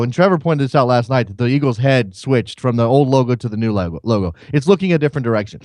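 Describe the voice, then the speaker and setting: A man's voice: mid-range voice, animated, fast talker, few pauses, darkish tone, no echo. Wry, rambling male radio host. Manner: wry and rambling, often repeats words. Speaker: host of a soccer call-in show. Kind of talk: casual chat.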